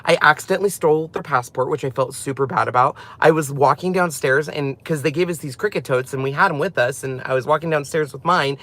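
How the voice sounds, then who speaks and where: A man's voice: fairly high pitch, quick pace, few pauses, fairly bright tone. A man in his thirties hosting a casual live stream about his craft channel, chatty and rambling, often laughing as he talks.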